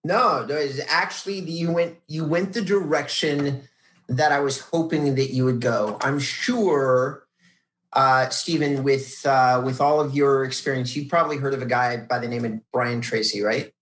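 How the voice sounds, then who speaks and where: A man's voice: medium pitch, steady tone, fairly bright tone. A man hosting an interview, talking casually with plenty of ums and uhs. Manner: halting, many ums and uhs. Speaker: podcast host. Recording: roomy echo.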